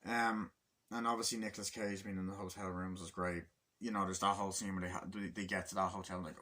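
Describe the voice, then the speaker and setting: A man's voice: low-pitched, little pitch movement, fast, pushed and bright. Rambling, swearing man reviewing a film. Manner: rambling, swears a lot, acts out movie lines. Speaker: movie reviewer. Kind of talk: casual spoken review.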